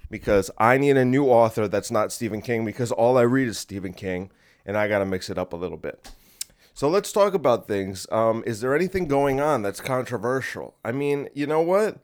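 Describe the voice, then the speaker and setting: This solo podcast host speaks at a moderate pace with an expressive, medium-pitched voice, rambling restlessly from his bedroom. He jokes around and constantly gets sidetracked.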